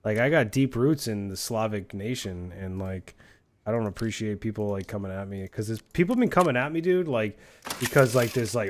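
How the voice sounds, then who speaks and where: A man's voice: lowish voice, lively intonation, fairly quick. A married man streaming a game, ranting in a heated, argumentative and profane way. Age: adult, married with a son.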